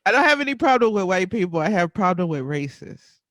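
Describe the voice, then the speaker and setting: A woman's voice: on the low side, very animated, brisk, fairly bright tone, dry recording. Woman guest on a dry mic. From Indiana, United States. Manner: laughs often, emphatic. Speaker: podcast guest. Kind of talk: casual discussion.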